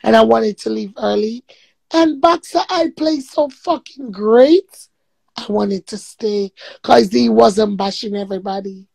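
A woman's voice: on the high side, unhurried, vocal fry, darkish tone, no room sound, low-quality recording. A Jamaican woman delivering a blunt, profane, confrontational rant to camera. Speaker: vlogger.

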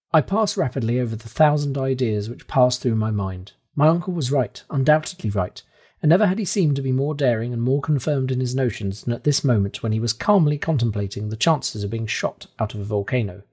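A man narrating a classic novel aloud in a steady, measured first-person storytelling manner. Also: medium pitch, breathy edge. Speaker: audiobook reader.

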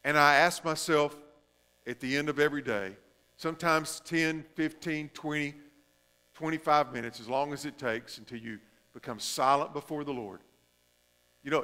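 A male pastor preaching a sermon, shifting between emphatic stretches and hushed, drawn-out phrases. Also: a little high, long reverb tail.

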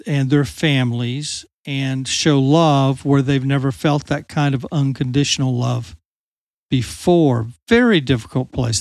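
A man's voice: medium pitch, no room sound. A man hosting a ministry podcast, a former youth pastor, asking questions and adding reflective, preacherly comments. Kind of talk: casual interview talk.

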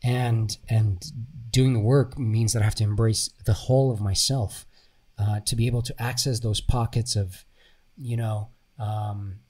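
Animated man with an American accent, slightly off-mic. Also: fairly low pitch, a little slow. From Bulgaria. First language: Bulgarian. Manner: animated storyteller, swears, laughs often. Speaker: actor guest. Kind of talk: casual interview talk. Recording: voice a bit far from mic.

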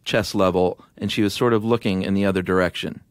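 A middle-aged man co-hosting a podcast, telling a story in a casual, animated way on a studio microphone. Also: low-pitched, fast, clean tone, no echo. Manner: animated storyteller with restarts and laughs. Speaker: podcast co-host.

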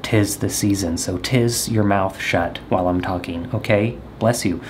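A man's voice: low voice, fairly even intonation, a little slow, a little hiss or hum. A young man vlogging, rambling and joking straight to the camera in a goofy comedic monologue.

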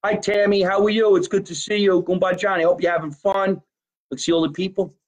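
An animated podcast host, talking in a slightly higher voice than most men. He chats casually and swears freely as he chats from a basement. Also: brisk, poor audio. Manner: animated, profane, plugging a local deli. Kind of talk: casual live-stream chat.

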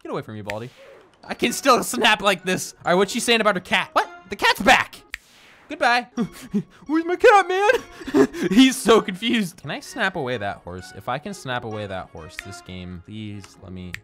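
A man's voice: high voice, very animated, normal speed, sharp tone, soft background music. A man doing comedic, playful gameplay commentary, teasing and giggling as he plays. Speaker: gaming YouTuber.

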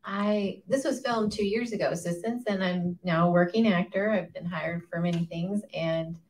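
Soft-spoken actress heard from afar. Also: female voice, lowish voice, fairly even intonation, normal speed, recorded from a distance. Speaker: actor and model. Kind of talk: live audience Q&A.

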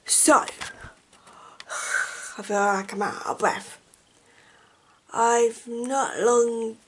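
A woman talks to her camera from her bedroom in a relaxed, rambling vlog. Her voice is breathy and a little high, and she speaks slowly and warmly to her viewers. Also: poor audio. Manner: chatty, affectionate, rambling. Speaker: vlogger. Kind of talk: casual vlog chat. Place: bedroom at home. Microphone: handheld camera.

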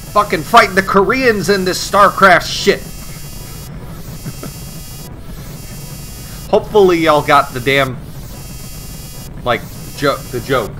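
A man giving profane, sarcastic, excitable commentary while playing a video game. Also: high voice, drawn-out words, long pauses, soft background music. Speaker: let's play host. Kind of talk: gameplay commentary.

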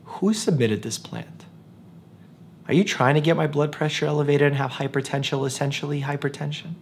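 A man's voice: on the high side, brisk, a little hiss or hum. A young man, a doctor and video host, joking around playfully in vlog clips and laughing often.

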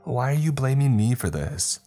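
A man's voice: mid-range voice, big pitch swings, normal speed, dark tone, soft background music, pitched above the performer's own voice, natural voice. Brief: frightened woman in a group lost in the woods, voiced by a male narrator, pleading and raised. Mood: alarmed. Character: frightened, defensive young woman in a hiking group.

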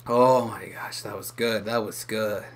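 A man giving excitable let's play commentary as a gaming YouTuber, muttering and groaning at the game. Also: fairly low pitch, measured pace. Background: game music.

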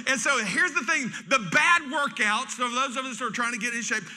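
A middle-aged man, preaching a sermon in a folksy, joking and animated way. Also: extremely high pitch, fairly quick, hardly any pauses. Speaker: pastor.

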